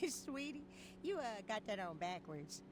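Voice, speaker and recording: A woman's voice: medium pitch, very animated, measured pace, background noise. A woman voicing a flirtatious female escort in a video game, teasing and sultry.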